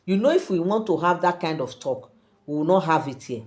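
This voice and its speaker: A woman with a Nigerian accent voicing a calm, stern middle-aged king who scolds firmly. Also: lowish voice, fairly quick, natural voice.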